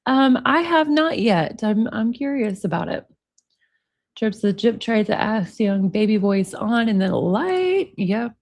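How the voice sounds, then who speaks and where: A woman's voice: fairly high pitch, very animated, measured pace, darkish tone. A woman in her forties hosting a casual live-stream, chatting and reading viewer comments aloud with frequent laughs. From United States. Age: 40s. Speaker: livestream commentary host.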